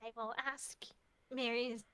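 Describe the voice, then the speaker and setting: Slow-talking woman describing a roleplay. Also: fairly high pitch, level tone, a bit bright, smooth. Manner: slow, deliberate, with pauses. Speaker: roleplay player. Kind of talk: casual collaborative storytelling.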